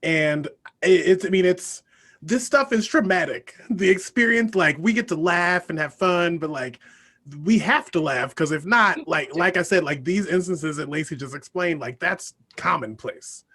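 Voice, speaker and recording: A man's voice: a little high, animated, normal speed, bright, forceful tone. A man hosting a podcast interview, chatting casually and animatedly, with lots of filler words. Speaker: podcast host.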